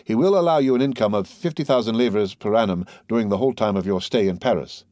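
A man reading aloud who voices a composed, worldly nobleman in a smooth, reassuring, measured manner. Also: fairly low pitch, darkish tone, no room sound, studio quality, close to an everyday voice. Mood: assured.

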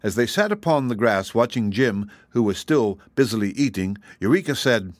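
Male narrator, steady storybook reading, dry close sound. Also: on the low side, moderate pace, hardly any pauses, no echo. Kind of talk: audiobook narration.

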